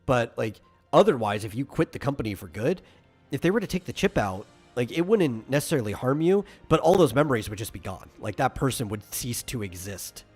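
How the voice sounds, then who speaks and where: A man's voice: mid-range voice, sing-song, a little fast, darkish tone, breathy edge, faint music behind. A man co-hosting a podcast who chats casually, explains his take and answers listener comments. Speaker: podcast co-host. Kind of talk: casual chat.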